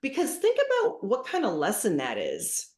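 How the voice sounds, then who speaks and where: A middle-aged woman giving parenting advice as a podcast guest, lively and acting out what to say to kids. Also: medium pitch, normal speed. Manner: animated, acts out dialogue with kids as examples. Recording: roomy echoey room.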